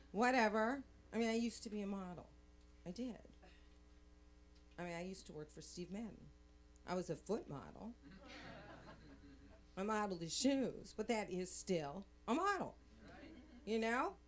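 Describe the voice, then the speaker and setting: A middle-aged woman doing a stand-up set, brash and bawdy. She takes her time and lets each line land slowly. Her voice is bright and sharp. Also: mid-range voice. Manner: brash, bawdy, slow deliberate delivery. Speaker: stand-up comic.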